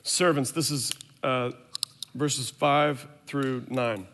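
A man's voice: mid-range voice, fairly even intonation, slow pace, vocal fry, a bit bright, big-room sound, slight background noise. A man in his thirties preaching a sermon, telling a candid story about his own family and acting out what everyone said. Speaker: pastor.

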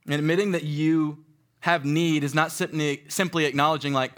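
Bright-voiced young man preaching. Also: a little high, moderate pace. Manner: animated, conversational, acts out stories. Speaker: youth speaker. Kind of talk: sermon. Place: room with a live audience.

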